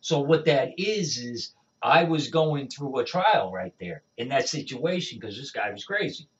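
A man speaking as an evangelist, telling stories of his faith in an animated, conversational way and often checking in with "all right?". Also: mid-range voice, unhurried. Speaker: evangelist guest. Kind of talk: conversational testimony. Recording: dull distant lo-fi sound.

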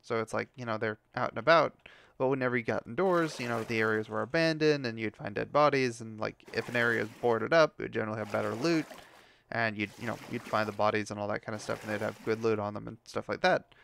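Gravelly man ranting over gameplay. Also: on the low side, quick pace, fairly bright tone, slight background noise. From United States. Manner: frustrated ranting, heavy swearing. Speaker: gameplay commentator. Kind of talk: casual gameplay commentary.

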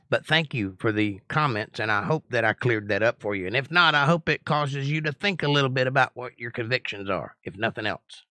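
A middle-aged man leads a live-streamed Bible study and lectures with blunt confidence. His voice is bright and forceful. The sound is dry and close. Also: mid-range voice, expressive, normal speed, no room sound. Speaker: Bible study teacher and host.

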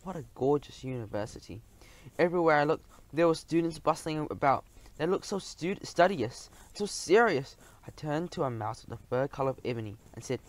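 A man narrating a children's storybook audiobook in a lively, expressive way. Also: fairly high pitch, fairly quick.

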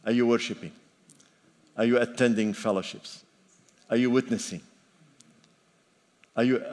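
An older male pastor preaches in an emphatic, repeating style, and his voice rings with the long reverb of a church hall. He drops in playful asides and sits at an ordinary pitch for a man. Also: a little mellow. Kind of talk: sermon. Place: church sanctuary.

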